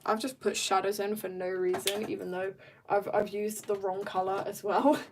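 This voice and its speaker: A woman's voice: mid-range voice, level tone, moderate pace, background noise. A woman chatting casually and rambling in jokes while she draws on stream. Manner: rambling and jokey, drifts into soft mutters. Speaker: artist streamer. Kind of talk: casual chat while drawing.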